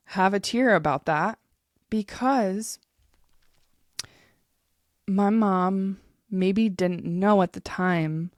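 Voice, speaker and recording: A woman's voice: medium pitch, no echo, studio quality. A woman in her thirties hosting a podcast, telling a personal story in a candid, emotional way and swearing freely. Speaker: podcast host.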